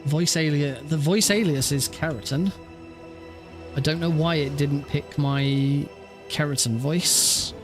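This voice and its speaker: A man's voice: a little high, slow pace. A man chats through his speedrun stream in a slightly raised voice, thinking aloud and restarting sentences as he goes. Faint game music hums behind him. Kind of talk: casual live-stream chat.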